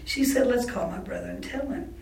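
A woman's voice: fairly high pitch, fairly quick, gravelly, darkish tone. A blunt, outspoken woman recounting her family life as an interviewee in an oral history. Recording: roomy echo, distant mic, faint background noise.

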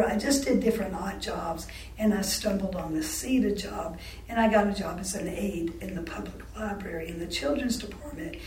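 A woman's voice: mid-range voice, darkish tone, a little hiss or hum. Older woman telling her story in a roomy echo. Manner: halting, full of restarts and self-corrections. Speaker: interviewee recalling her life. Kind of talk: oral history storytelling. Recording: roomy sound from a distant mic.

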